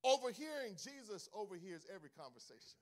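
A male pastor preaching a sermon in a church, swinging from hushed asides to sung, shouted calls to the congregation. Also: high voice, sing-song, quick pace. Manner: preaching with call-and-response, rising into sung shouts. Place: church sanctuary.

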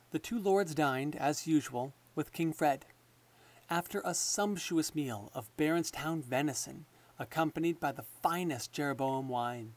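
A man reading a children's novel aloud as audiobook narration, in a measured storytelling manner. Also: on the high side. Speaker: audiobook reader.

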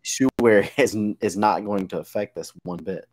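A man's voice: low voice, normal speed, darkish tone, poor audio. A man co-hosting a casual chat about lifting, laid-back and blunt, swearing freely. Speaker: strength coach co-host.

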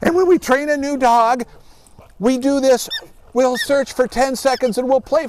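Man gushing in a silly high dog-praise voice. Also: unhurried, a little hiss or hum. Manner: switches between silly high praise to his dog and calm explaining. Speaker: search and rescue dog handler. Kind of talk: demonstration for children.

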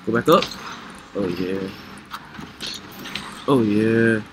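A man giving excitable let's play commentary, reacting loudly to the plays. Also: lowish voice, extremely slow. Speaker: gamer. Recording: noisy with game sounds behind.

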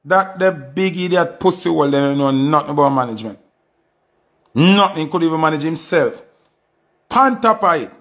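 A man's voice: fairly high pitch, animated, moderate pace, fairly bright tone. A man with a Jamaican accent delivering an impassioned, pleading monologue with lots of repetition. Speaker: artist giving commentary.

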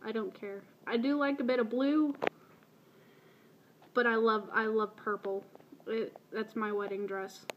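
In a dull recording with slight background noise, a Baltimore woman in her early twenties answers questions through a casual voice meme. Her fairly high voice holds a steady tone at a measured pace, and she pauses often. A video blogger, she slips in self-deprecating asides, her light Baltimore accent shifting.

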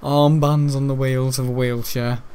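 A man's voice: mid-range voice, level tone, a little slow, darkish tone, clean tone. A man rambling chattily as host of gameplay commentary, with casual swearing and restarts. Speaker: gaming channel host.

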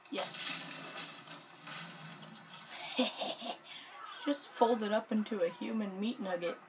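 A woman giving casual gameplay commentary, excitable and jokey, muttering and whispering to herself. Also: medium pitch, brisk, background noise.

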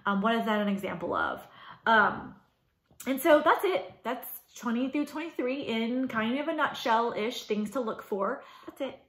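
A woman teacher giving a casual, animated video lecture, talking with lots of fillers. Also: on the high side, moderate pace. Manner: chatty and animated, many fillers. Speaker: high school English teacher. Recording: roomy echo.

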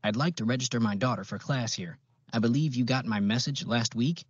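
A man playing a reserved father who speaks calmly and politely. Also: mid-range voice, brisk, breathy edge, no echo, natural voice. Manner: calm, polite, terse. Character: reserved government-working father. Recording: dull, dry lo-fi recording.

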